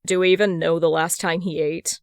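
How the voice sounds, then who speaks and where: A gruff older brother who grumbles and deadpans, speaking a touch louder than the narration, as a woman puts him on. The tone is smooth and clear in a dry, close recording for an audiobook-style story. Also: lowish voice, little pitch movement, brisk, no room sound, lightly acted. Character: gruff protective young man, older brother.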